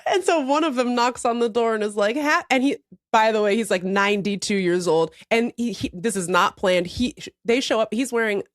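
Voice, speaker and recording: A woman in her thirties co-hosting a podcast, telling stories in animated casual chat with swearing and laughter. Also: fairly high pitch, fairly quick, no echo, studio quality. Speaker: podcast co-host.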